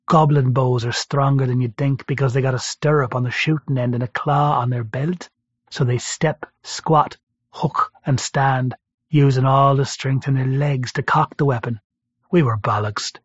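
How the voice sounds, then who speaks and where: A man narrates a first-person story as an audiobook reader, dry and conversational. His voice is of middling pitch, the room is dead and the recording slightly dull. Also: dry recording.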